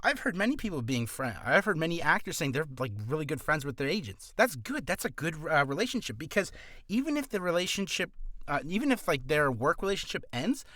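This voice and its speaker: A man's voice: fairly high pitch, big pitch swings, fairly quick, bright, forceful tone, no room sound, clean studio sound. Rambling, self-deprecating male vlogger. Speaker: voice actor. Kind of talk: casual rambling vlog advice.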